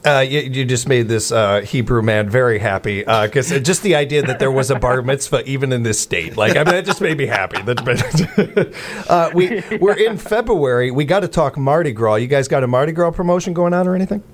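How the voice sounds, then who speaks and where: A man's voice: mid-range voice, expressive, fairly quick. A man hosting a radio morning show, interviewing a guest with jokey, friendly banter.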